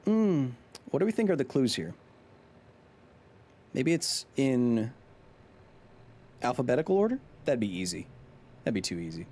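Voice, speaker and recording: A man's voice: mid-range voice, big pitch swings, moderate pace, pauses often, a little mellow. A man live-streaming a video game, chatting with his viewers in a jokey, casual way and reading in-game notes aloud.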